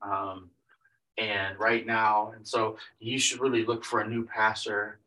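A man's voice: fairly low pitch, level tone, a little slow, pushed and bright. Man preacher retelling a story from afar. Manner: rambling, retelling with many repeated "he said" tags and restarts. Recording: voice picked up from a distance.

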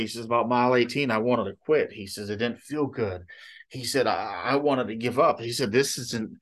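A man's voice: medium pitch, a bit bright. A man preaching a sermon in a conversational, rambling way, often stopping for "you know" and "okay?".

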